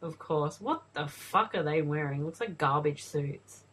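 Australian woman co-host, husky, low, loose swearing movie chat. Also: measured pace, fairly bright tone, poor audio. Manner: swearing, laughing, filler-heavy chat. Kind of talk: casual movie watch-along commentary.

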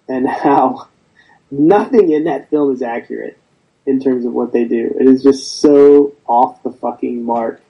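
A man's voice: mid-range voice, mellow, breathy edge, low-quality recording. A man, a veteran guest, speaking bluntly and with frequent swearing in a conversational interview. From United States. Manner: blunt and profane, storytelling.

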